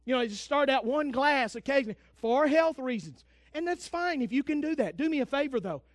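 A man preaching, his voice sitting strikingly high for a man. He delivers a fervent sermon, swinging from loud declarations down to hushed, intense asides. The recording is very dry, with no room sound at all. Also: animated, a little fast, no echo. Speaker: pastor.

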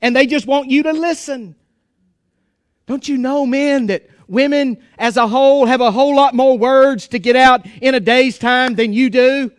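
A man's voice: extremely high pitch, moderate pace, clear, resonant tone, dry recording, clean studio sound. A man preaching a sermon in a folksy, joking and emphatic way.

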